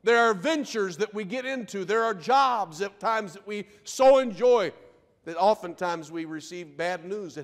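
A man preaching a sermon from the pulpit, his voice sitting fairly high for a man. He slows down and presses on key phrases for emphasis. The sound rings out with a long reverb through the church sanctuary. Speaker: pastor.

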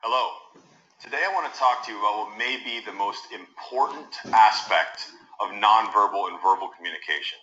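A man teaching about tone of voice, animated and acting out example tones as he explains. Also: on the low side, roomy sound, lo-fi sound. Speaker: communication coach. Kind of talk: instructional talk to camera.

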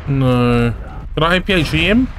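Excitable man narrating his gameplay. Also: on the high side, normal speed, a little hiss or hum. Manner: excitable, chatty, bursts into laughter. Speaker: gaming YouTuber. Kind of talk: live gameplay commentary.

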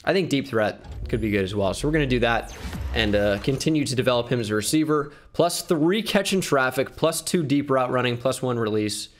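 A man giving excitable video game commentary, thinking aloud with bursts of hype. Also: medium pitch, fairly quick. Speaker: gaming YouTuber.

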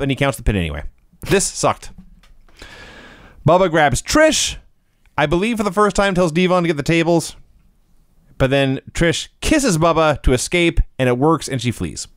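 Expressive man recapping wrestling. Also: fairly high pitch, moderate pace, dry recording, clean studio sound. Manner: reads off notes, matter-of-fact recapping. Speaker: podcast co-host. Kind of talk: casual wrestling recap chat.

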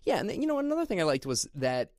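A man's voice: sits high, wildly swooping pitch, fast talker, a little mellow, no echo, clean studio sound. A man co-hosting a podcast, chatting casually about a horror film with lots of fillers and restarts. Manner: rambling, many fillers and restarts. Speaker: podcast co-host. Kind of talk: casual movie review chat.

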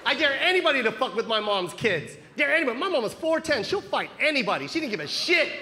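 A man doing stand-up comedy on a theatre stage with a handheld mic, telling animated, profane stories. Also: extremely high pitch, fast. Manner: animated storytelling, swearing freely. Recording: big hall with loud crowd and noise.

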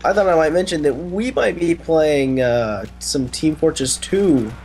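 A man's voice: a little high, measured pace, a little mellow. A man joining as co-player in casual gameplay chat, laid-back and dry. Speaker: co-player guest.

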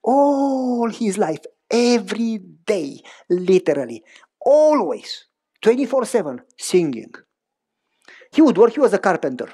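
A middle-aged man preaching a sermon, telling personal stories in an animated way with big pitch swings and repeated phrases. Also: measured pace, slightly rough. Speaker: pastor.

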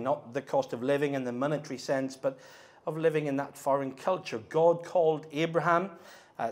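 A middle-aged man preaching a sermon at a conference, earnest, moving between hushed and emphatic delivery. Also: on the high side. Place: conference hall.

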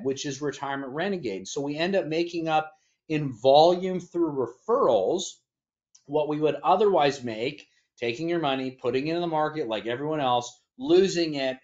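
A man who owns a retirement planning firm, answering interview questions in a folksy sales pitch full of homespun analogies. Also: darkish tone. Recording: dull lo-fi audio.

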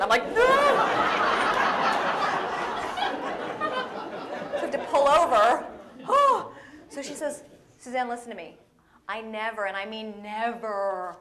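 A woman giving a playful, storytelling guest sermon to a church audience, acting out little voices and dialogue as she goes. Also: mid-range voice. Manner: animated, playful, acts out voices in stories. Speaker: guest speaker.

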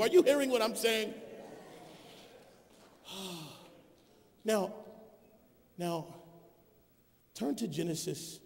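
A man pastor preaching a sermon, building to shouted emphasis and calling on the congregation to answer him. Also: sits high, animated, takes it slowly, gravelly, pauses often, in a large hall. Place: church sanctuary.

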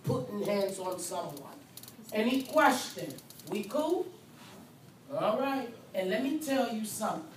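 Slow, emphatic woman nursing lecturer. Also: medium pitch, animated, slight background noise. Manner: emphatic, repetitive, speaks as the patient in first person. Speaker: nursing instructor. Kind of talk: classroom lecture. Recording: roomy, far from mic, faint ambience.

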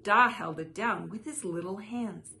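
A woman reading a children's picture book aloud in a soft, measured way. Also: medium pitch, creaky. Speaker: storyteller.

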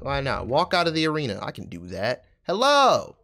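Young male gaming YouTuber, high and animated, hype trash-talk, mutters then yells. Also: normal speed. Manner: excitable, trash-talking, swings from mumbling to shouting. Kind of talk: gameplay commentary.

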